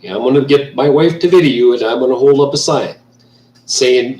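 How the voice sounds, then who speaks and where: A man's voice: mid-range voice, a little fast, a little mellow. A man from Canada ranting angrily in a vlog, swearing often and repeating himself as he vents. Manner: profane, heated, repetitive. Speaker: vlogger. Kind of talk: angry ranting monologue. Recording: echoey room, mic at a distance.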